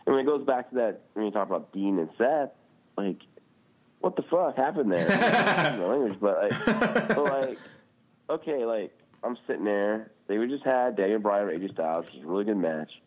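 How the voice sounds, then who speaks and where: A man's voice: lowish voice, normal speed. A man co-hosting a podcast, ranting casually and swearing often, with lots of "like" fillers. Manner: animated, swearing, frequent "like" fillers. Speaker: podcast co-host. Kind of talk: casual chat. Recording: tinny phone-like line.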